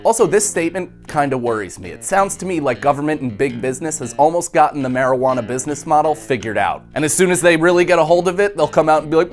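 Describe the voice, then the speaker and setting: A man's voice: on the high side, lively intonation, fast, hardly any pauses. A man hosting a comedic news show, sarcastic and jokey, with some faint music underneath. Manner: sarcastic, jokey, slips into put-on voices. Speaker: host.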